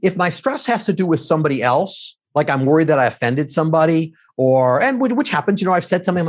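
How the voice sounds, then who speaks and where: A middle-aged man, a TV political commentator, telling stories quickly in a casual interview and acting out quoted lines. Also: a little high. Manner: quick, animated storytelling with acted-out quotes.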